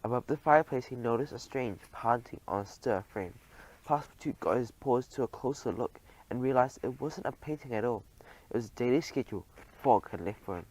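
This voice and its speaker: A man reads a children's storybook aloud as the audiobook narrator. His delivery is gentle and even, and his voice sits at a middle pitch. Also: a little fast, poor audio.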